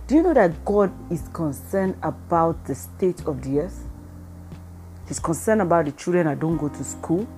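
A Christian speaker with a Nigerian accent gives a casual devotional talk, her voice on the low side. Full of lively energy, she acts out snippets of dialogue and slips in pidgin phrases.

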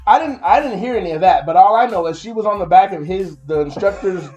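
A man's voice: sits high, animated, fast talker, a little mellow, highs cut off, faint music behind. A man as a podcast guest in casual chat, joking about himself and swearing freely. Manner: joking, self-mocking, profane.

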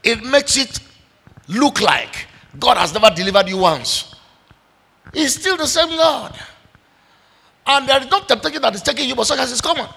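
A man preaches a sermon in a bright, husky voice. His delivery is animated and he acts out the voices of the story. The sound carries a long reverb from a large hall. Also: very high voice, moderate pace, long pauses. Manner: animated preaching, acting out dialogue. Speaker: pastor.

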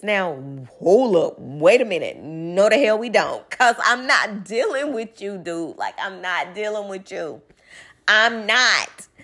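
A young woman, chatting casually at home as she tells a personal story and quotes people's lines. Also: mid-range voice. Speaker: vlogger. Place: home living room.

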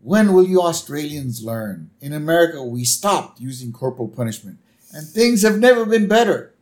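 A man voicing Homer Simpson, a bumbling cartoon dad, in a loud blustery rant. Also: fairly high pitch, very animated, normal speed, pitched above the performer's own voice.

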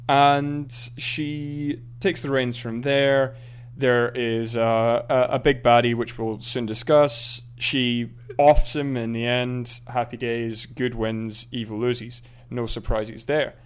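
A man's voice: mid-range voice, slight background noise. A man co-hosting a casual podcast, rambling drily and correcting himself as he goes. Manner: dry, rambling, self-correcting. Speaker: podcast co-host. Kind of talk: casual chat.

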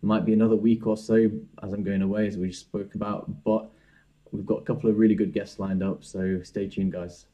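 A man's voice: lowish voice, level tone, brisk, mellow, muffled recording. A young man, a dentist, hosting a casual podcast interview and talking with many fillers and restarts. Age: young adult.

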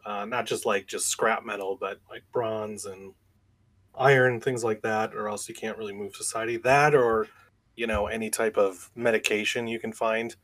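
A man's voice: fairly low pitch, little pitch movement, moderate pace, a bit bright. A man speaking matter-of-factly in a casual group chat.

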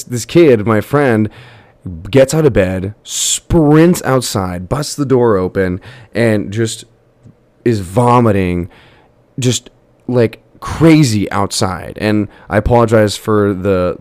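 A man's voice: on the low side, no echo. A young man hosting a podcast, telling a personal story in a rambling, casual way with many fillers. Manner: rambling, filler-heavy, animated retelling. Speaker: podcast host.

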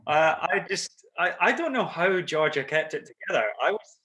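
A man's voice: sits high, bright, forceful tone. A man in a musical theatre cast, telling a sheepish, self-mocking story in casual chat.

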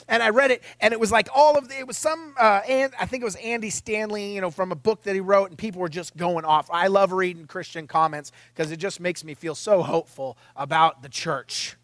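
A man with a notably high, light voice preaches in a loose, conversational way. He is animated and chatty, slipping in wry asides. The sound is close and dry, with no room around it. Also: no echo. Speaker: pastor. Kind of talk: conversational sermon podcast.

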